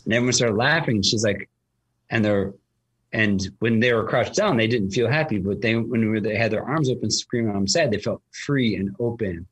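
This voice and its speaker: Husky, low-voiced man telling a story. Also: moderate pace, fairly bright tone. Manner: rambling storyteller with many fillers and restarts. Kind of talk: casual conversation.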